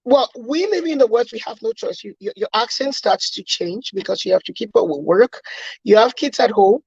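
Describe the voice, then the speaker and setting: A woman's voice: fairly high pitch, lively intonation, normal speed, a little mellow, husky, muffled recording. A woman from Cameroon co-hosting a casual chat, making earnest, emphatic points and building her argument with questions. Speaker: co-host.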